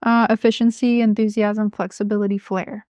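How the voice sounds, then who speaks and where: A woman's voice: medium pitch, flat delivery, moderate pace, darkish tone, smooth, dry recording. A woman co-hosting a podcast, chatting casually and explaining her ideas in a reflective way with many fillers. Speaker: podcast co-host. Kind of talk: casual chat.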